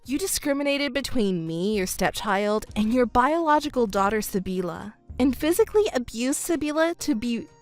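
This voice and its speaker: A woman's voice: fairly high pitch, natural voice. A woman doing a cold, composed young stepdaughter. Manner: calm, cool, cutting. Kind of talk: texting story voice acting.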